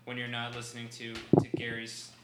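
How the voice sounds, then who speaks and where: A man's voice: medium pitch, completely flat delivery, normal speed, crowd noise. A man guest talking fantasy sports picks in casual chat, laughing often. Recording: roomy echo, faint background noise.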